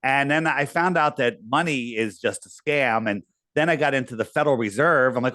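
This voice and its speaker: A man's voice: medium pitch, animated, fairly quick, pushed and bright, no room sound. A man being interviewed, talking casually and telling a long, rambling story with quoted asides. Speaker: podcast guest.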